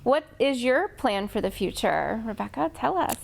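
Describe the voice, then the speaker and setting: Curious woman interviewer, higher voice. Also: very animated, normal speed, creaky, slight background noise. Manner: warmly curious interviewer, asking follow-up questions. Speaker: interview host, police captain. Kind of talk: casual interview chat.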